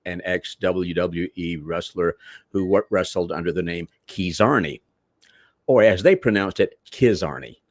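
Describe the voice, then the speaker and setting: Older male raconteur, showy and rambling, low-pitched, dry close recording. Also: no echo. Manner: rambling, theatrical, old-school showman. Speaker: guest, veteran wrestler. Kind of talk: storytelling in a podcast interview.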